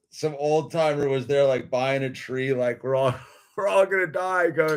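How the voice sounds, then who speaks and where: A man's voice: mid-range voice, measured pace, clean tone. Laid-back man, dude-heavy slang. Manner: laid-back surfer slang, says dude and man constantly, laughs often. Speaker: video creator. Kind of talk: rambling casual storytelling.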